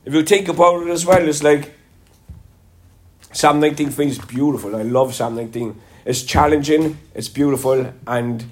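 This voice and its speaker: A man from Cork, Ireland, preaches in a church with a lilting Cork accent, his voice a touch higher than most men's. He sounds stuffy and congested from a sinus infection, yet stays earnest. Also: normal speed. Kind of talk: sermon.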